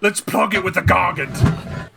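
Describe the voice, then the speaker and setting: A man putting on the voice of a brutish male orc warrior, blunt and simple, talking loud and gruff. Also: high voice, measured pace, background noise, pitched above the performer's own voice, heavily acted. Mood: eager.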